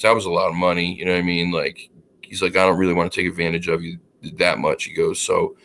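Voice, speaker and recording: A man chatting casually on a podcast, telling an anecdote and acting out the dialogue with lively quoted voices. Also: low-pitched. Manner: animated, acts out quoted dialogue; laughs while telling the story. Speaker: podcast co-host. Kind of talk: casual storytelling chat.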